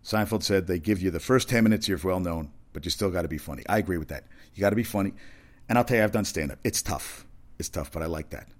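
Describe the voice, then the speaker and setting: A man's voice: low voice, quick pace. A man talks casually as a host. He rambles from one topic to the next, with restarts and asides along the way. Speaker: talk show host.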